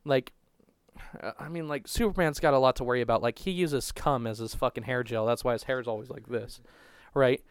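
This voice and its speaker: A young man chatting in a crude, profane podcast ramble, hurrying through his stories and stumbling over restarts. His voice is clean and smooth. The recording is dry and close, with no room sound. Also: medium pitch, fairly quick, no room sound. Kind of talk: crude casual storytelling.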